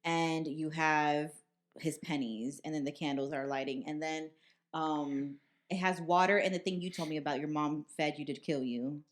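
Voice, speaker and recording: A woman in her twenties, a podcast co-host, telling animated, profane stories in casual chat. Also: low voice, moderate pace. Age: 20s.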